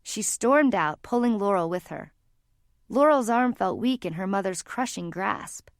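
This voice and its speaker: A woman narrating an audiobook in calm, even storytelling. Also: medium pitch, unhurried, no echo, studio quality. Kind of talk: scripted narration.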